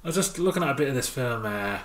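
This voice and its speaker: A man's voice: medium pitch, expressive, fast, a bit bright, echoey room, slight background noise. A man, a podcast guest, telling dry, sweary anecdotes in casual chat.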